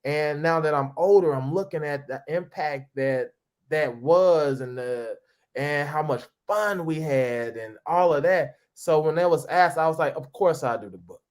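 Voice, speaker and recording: A man in his thirties, an interview guest, telling stories in a casual, animated way, acting out other people's voices and often restarting his sentences. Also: fairly high pitch, measured pace, smooth. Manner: animated, acts out quoted voices, frequent restarts. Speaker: interview guest, former reality TV cast member.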